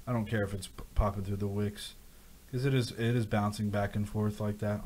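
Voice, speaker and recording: Talking a bit quickly in a fairly low voice, a man runs a casual crypto livestream where he reads out viewer questions. His rants are animated and rambling, with phrases repeated again and again, and there's a little hiss or hum on the audio.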